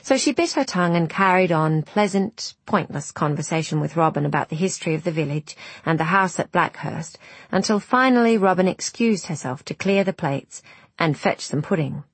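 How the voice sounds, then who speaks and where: A woman narrating an audiobook in a measured, even storytelling manner. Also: fairly low pitch, husky, no echo.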